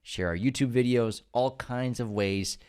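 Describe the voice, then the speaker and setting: A man's voice: mid-range voice, a little slow, clean tone. A man with a nasal voice, co-hosting a podcast, chatting casually and reading out the show's support plugs. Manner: relaxed banter, friendly plug delivery. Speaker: podcast co-host. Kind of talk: casual chat and read-out show promos.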